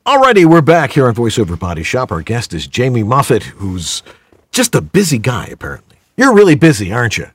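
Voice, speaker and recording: Lively, animated podcast host man. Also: medium pitch, brisk, breathy edge, dry recording. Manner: jokey, animated, playful asides. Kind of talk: podcast hosting, product plug.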